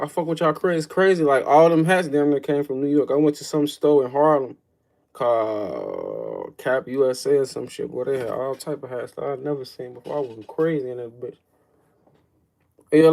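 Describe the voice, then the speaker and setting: A man's voice: mid-range voice, a little mellow. Young man, livestream host, mid-range voice, slangy, cussing, rambling casual chat. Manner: slangy, profane, calls everyone folks; loose, rambling, answers chat questions.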